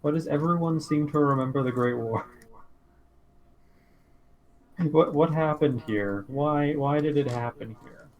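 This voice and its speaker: Slightly high-voiced joking man. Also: unhurried, pauses often, a little mellow, lo-fi sound. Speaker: player in a tabletop game. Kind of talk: casual chat.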